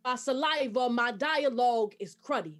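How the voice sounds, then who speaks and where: A woman's voice: a little high, lively intonation, moderate pace, a bit bright. A woman performing a spoken word poem with a rhythmic, emphatic delivery.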